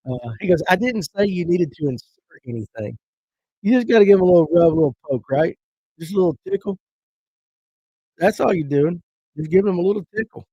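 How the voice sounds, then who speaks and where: A man hosts a casual fishing livestream, reading comments aloud and joking his way through them in folksy banter. His voice sits a little high but sounds mellow and slightly husky. The stream audio is dry and dull, lo-fi. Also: no room sound. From Georgia.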